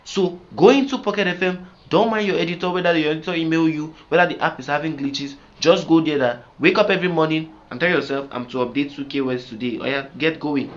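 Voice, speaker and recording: A man's voice: on the high side, fast talker, hardly any pauses. A man coaching writers in an instructional talk, emphatic and repetitive, often checking whether listeners follow. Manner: emphatic, repetitive, asks "do you get me?". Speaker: writing coach. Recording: slightly dull lo-fi sound with faint noise.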